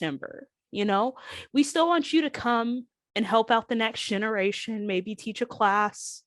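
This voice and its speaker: Her voice is on the high side and her pace measured, with no echo in the recording. She is a woman in her thirties and a former pro wrestler guesting on an interview podcast, telling her story with raw honesty and emotion and quoting others in lively, acted-out voices.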